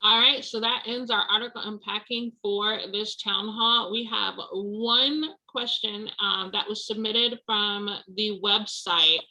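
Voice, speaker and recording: A woman's voice: medium pitch, fairly even intonation, measured pace, few pauses, pushed and bright. A woman moderating a union town hall call, reading out a submitted question and handing it to a colleague.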